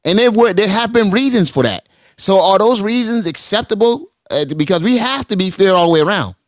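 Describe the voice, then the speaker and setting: A man's voice: high-pitched, animated, brisk, dry recording. A man hosting a talk show, arguing heatedly and repeating words as he cuts in. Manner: argumentative, repeats words when interrupting. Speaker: host.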